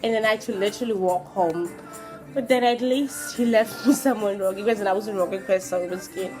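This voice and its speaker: A young Namibian woman with a Namibian accent, telling a storytime vlog in a casual, animated way and acting out what people said. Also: mid-range voice, quick pace, over music. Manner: animated, switches between English and Afrikaans, acts out quotes. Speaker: vlogger.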